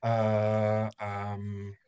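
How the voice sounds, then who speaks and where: A man narrating a tabletop game as game master, pausing often with ums and restarts. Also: lowish voice, completely flat delivery, dark tone, smooth, dull audio. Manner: hesitant, many ums and restarts.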